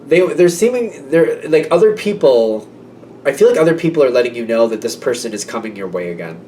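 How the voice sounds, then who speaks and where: Male tarot reader, mid-pitched, rambling conversational delivery, slightly distant room sound. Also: animated, brisk, mellow, slight background noise. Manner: chatty, rambling, many fillers and quoted asides. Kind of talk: casual tarot reading monologue.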